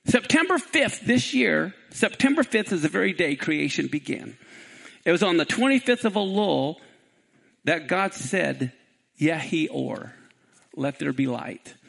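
A man delivers a sermon, telling a parable and reading scripture aloud, his voice climbing to near shouts on the quoted pleas. It's dramatic storytelling in a fairly high, expressive, unhurried voice with vocal fry and slight roughness, captured on a low-quality recording.

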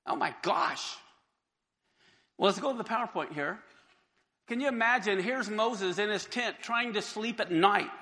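Animated gravelly man teaching scripture. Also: extremely high pitch, in a large hall. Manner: acts out the crowds and Moses in lively voices. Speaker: Bible teacher.

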